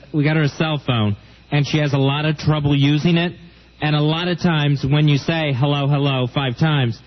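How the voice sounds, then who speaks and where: A man co-hosting a radio show, chatting casually and agreeably with a chuckling manner. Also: a little high. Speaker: radio co-host. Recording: dull lo-fi radio broadcast.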